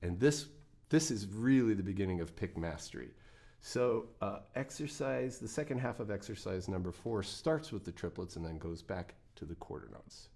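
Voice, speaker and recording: A man's voice: on the low side, animated, normal speed, creaky, dark tone. A man teaching a guitar lesson, talking through picking exercises in a plain, encouraging way with the odd folksy quip. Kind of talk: instructional lesson.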